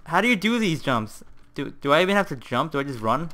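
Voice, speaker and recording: A young man hosting a gaming video, giving excitable live commentary with frequent swearing and bursts of frustrated yelling. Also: a little high, fairly quick.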